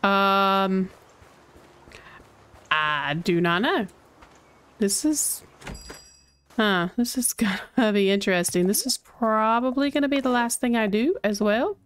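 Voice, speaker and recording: A woman's voice: mid-range voice, slow pace, long pauses, fairly bright tone, smooth, dry recording. A woman streaming a cozy game, thinking aloud in casual, chatty commentary. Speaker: gaming streamer.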